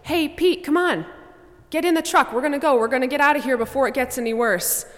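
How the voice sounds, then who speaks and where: A woman playing a hurried rescuer who calls out loudly and coaxingly, pitched high above her usual voice. The calls ring through a long, reverberant hall. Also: lightly acted. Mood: urgent. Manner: urgent, coaxing, loud. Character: urgent rescuer in a truck, boat or helicopter.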